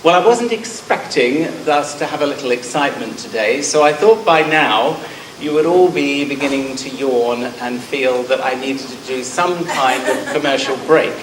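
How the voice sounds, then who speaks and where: A middle-aged man from Scotland with a southern English accent gives a conference presentation in a mid-range voice at moderate pace. He says um often and comes across as self-deprecating; the recording is roomy hall sound from a distance, with background noise.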